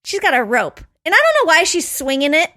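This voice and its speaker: A woman co-hosting a podcast, telling a story in a casual, animated way, laughing often and acting out quotes. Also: sits high, brisk. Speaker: podcast co-host.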